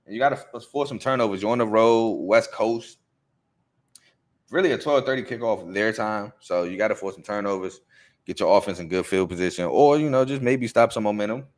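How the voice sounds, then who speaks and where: A man hosting a sports show, talking through game previews and picks in a loose, conversational way with fillers and quick self-corrections. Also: fairly low pitch. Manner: confident, emphatic picks. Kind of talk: casual game-preview commentary.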